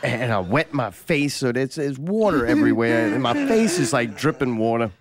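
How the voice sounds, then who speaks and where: A man's voice: mid-range voice, very animated, normal speed. A man hosting a radio show, telling a long, profane story in casual banter and often laughing as he talks. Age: adult. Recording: loud crowd behind. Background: crowd chatter.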